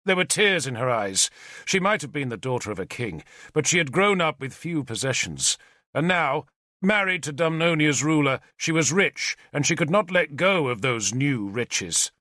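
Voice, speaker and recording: Bright, lively male audiobook narrator. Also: a little high, normal speed, dry recording, studio quality. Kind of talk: first-person audiobook narration.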